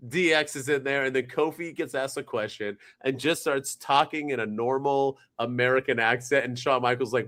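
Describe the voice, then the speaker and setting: A man co-hosting a podcast, chatting casually in an animated, rambling, jokey way. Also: medium pitch, normal speed, hardly any pauses. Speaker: podcast co-host. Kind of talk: casual chat.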